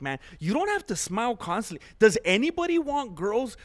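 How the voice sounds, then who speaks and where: Guy live streaming fights, chatty, laughs a lot, voice sits kinda high. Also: normal speed. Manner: chatty, animated, laughs often. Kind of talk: casual live-stream commentary.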